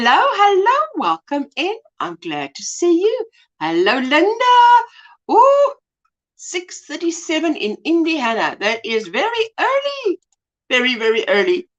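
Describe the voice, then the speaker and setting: A middle-aged woman from South Africa hosting a crochet livestream, chatting warmly and reading out viewer comments. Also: on the high side. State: eyes tearing from allergies. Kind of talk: casual livestream chat, greeting viewers.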